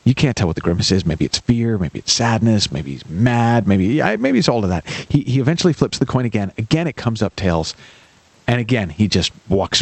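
A male radio host with a gravelly edge and a lively, swooping delivery. He tells a story with emphasis and acts out its characters. The sound is dry and close, as if from a studio booth. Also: medium pitch, fairly quick, no room sound. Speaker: radio show host and life coach. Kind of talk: radio call-in show monologue.

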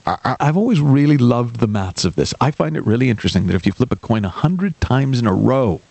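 Gravelly, lively male radio host. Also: medium pitch, fast talker, no echo. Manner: storytelling, acting out quoted characters, emphatic. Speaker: radio show host and life coach. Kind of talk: radio call-in show monologue.

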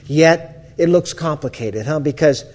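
A man with a fairly high voice gives a storytelling talk as a counselor. He talks in a lively way, breaking off and restarting his phrases. He laughs now and then as he goes. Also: unhurried. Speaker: counselor teaching the principles.

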